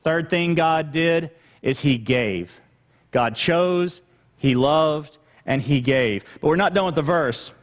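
A pastor preaching a sermon conversationally, with rhetorical questions and asides to the congregation. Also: male voice, on the high side, slow. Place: church sanctuary. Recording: long hall reverb.

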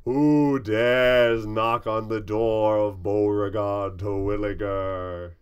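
A man voicing a grumpy giant gnome face in a door, speaking in slow, haughty pronouncements. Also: lowish voice, steady tone, clean tone, muffled recording.

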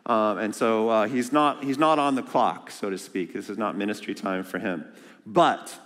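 A man preaching a sermon as a guest speaker, lively and joking, asking the congregation questions. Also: fairly low pitch, moderate pace, long reverb tail. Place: church sanctuary.

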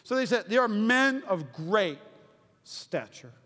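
A man preaching with a very high, bright, ringing voice. He swings from shouting to near-whispers, and his words echo through a long-reverb church hall. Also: slow. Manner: energetic, swings from shouting to hushed. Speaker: pastor. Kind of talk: sermon.

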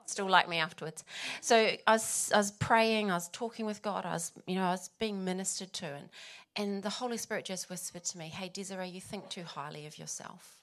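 A woman's voice: mid-range voice, brisk, fairly bright tone. Emotional New woman giving testimony. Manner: emotional, laughing between phrases. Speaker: pastor's wife. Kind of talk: personal testimony.

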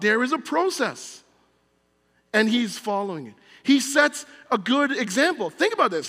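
A middle-aged male pastor preaching a sermon in an earnest style, often dropping to a quiet, low voice. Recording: long hall reverb.

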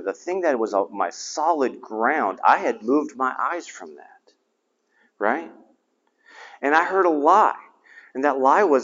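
Middle-aged chaplain guy preaching, lively up and down voice, drops real quiet sometimes, echoey hall, kinda muffled. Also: mid-range voice, normal speed. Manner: animated, conversational preaching with sudden drops to a hushed voice. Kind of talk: sermon. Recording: dull, slightly lo-fi sound with long hall reverb.

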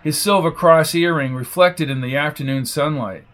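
A man narrating a detective story in an audiobook, reading with lively expression. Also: a little high, normal speed, a little hiss or hum.

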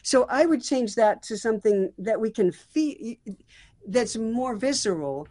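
A woman's voice: a little high, expressive, a little slow, dark tone, no room sound. A woman acting as a songwriting mentor, giving thoughtful feedback on a song draft with frequent restarts and fillers.

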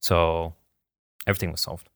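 Brief: male podcast host, lowish voice, chatty storyteller who acts out the quotes, dry close mic. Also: little pitch movement, normal speed, a bit bright, no echo. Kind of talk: casual storytelling chat.

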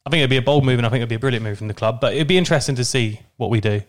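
A man hosting a casual football podcast, relaxed as he leads the discussion. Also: medium pitch, racing. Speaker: podcast host.

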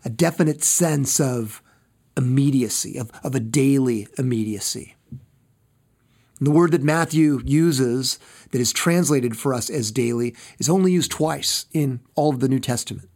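A man preaching a sermon as pastor, slow and deliberate, repeating phrases for emphasis and trailing off softer at the ends of phrases. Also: mid-range voice.

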